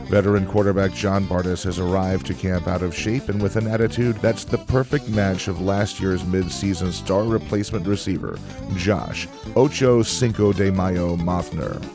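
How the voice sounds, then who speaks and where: Man, deadpan documentary narration, lowish voice, music under. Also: gravelly.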